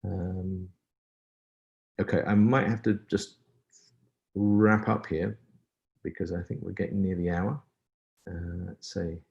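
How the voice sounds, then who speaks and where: A man's voice: low-pitched, flat delivery, slow, creaky, pauses often, darkish tone, muffled recording. A man who composes for film, answering questions in a webinar in a reflective, wry and self-deprecating way over a video call. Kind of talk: webinar Q&A talk.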